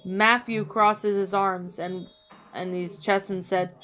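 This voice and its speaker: A woman's voice: medium pitch, steady tone, takes it slowly, fairly bright tone. A woman reading fan fiction aloud in a plain narrating voice, with small slips. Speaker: story reader. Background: faint music.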